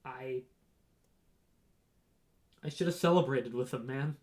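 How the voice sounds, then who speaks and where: A man's voice: medium pitch, takes it slowly, darkish tone. A young man casually telling a rambling story about a race, with frequent "right?" and "um" asides. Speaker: runner on a race team.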